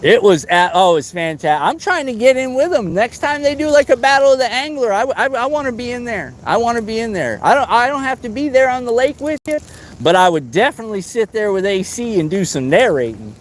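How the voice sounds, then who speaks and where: A man hosting a live fishing stream, chatting casually and excitably, teasing friends and whooping. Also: very high-pitched, fairly quick, slight background noise. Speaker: fishing livestream host.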